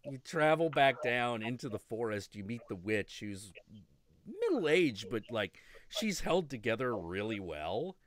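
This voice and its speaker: Man, casual chat, animated storyteller, swears freely, expressive swinging pitch. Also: a little slow. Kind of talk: casual chat retelling a video game story.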